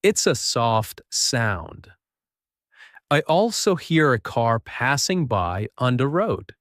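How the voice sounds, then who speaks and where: Male English teacher, slow careful delivery, lively rising and falling pitch, dry close sound. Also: dry recording. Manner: slow, patient, encouraging, models sentences for learners to repeat. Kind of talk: slow, clear spoken English lesson.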